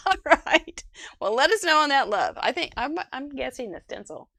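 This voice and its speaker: A woman's voice: high voice, big pitch swings, takes it slowly, vocal fry, fairly bright tone, breathy edge. A woman with a Midwestern American accent hosting a live crafting show, chatting casually, giggling and thinking aloud. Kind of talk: casual live-stream chat.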